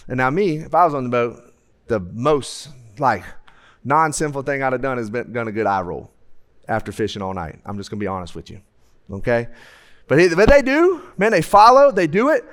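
A man preaching a lively, humorous sermon into a stage microphone in a church, acting out the voices of people in his stories. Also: medium pitch, fairly quick. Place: church sanctuary.

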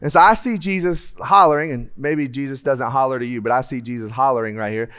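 A man preaching a lively, humorous sermon into a stage microphone in a church, acting out the voices of people in his stories. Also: mid-range voice, a little fast, few pauses, clean tone. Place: church sanctuary.

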